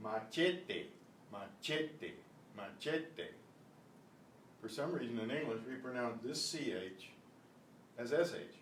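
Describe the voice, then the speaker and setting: A man teaching a beginners Spanish class, patiently repeating words slowly for pronunciation drills. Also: expressive. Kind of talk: beginner language lesson. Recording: echoey room, voice from a distance, faint rumble.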